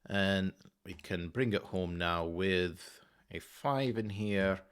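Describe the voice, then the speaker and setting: Speaking slowly in a low-pitched, clear, resonant voice, a channel host mutters his way through a sudoku. He works methodically and corrects himself whenever he slips.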